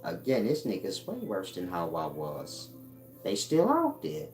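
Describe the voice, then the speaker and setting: A man's voice: on the low side, huge pitch swings, unhurried. A man giving a blunt, profane monologue with street slang, lecturing his viewers in a streetwise way. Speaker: self-help channel host. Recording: echoey room with music behind. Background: music.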